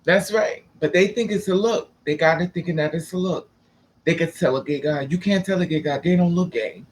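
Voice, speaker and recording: A man's voice: on the high side, brisk. Sassy camp man telling stories. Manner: sassy, camp and dramatic, acts out quoted people. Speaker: storyteller. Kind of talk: casual storytelling monologue.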